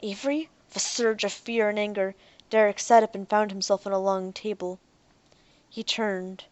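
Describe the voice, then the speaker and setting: A woman narrating a science fiction audiobook in a steady, even reading voice. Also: mid-range voice, moderate pace, clean tone, no echo.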